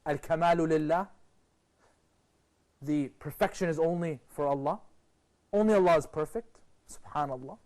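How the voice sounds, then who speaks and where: A man presenting a TV program, giving an expressive motivational lecture to a group and asking rhetorical questions. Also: normal speed, long pauses. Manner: expressive, rhetorical questions, sweeping pitch swings.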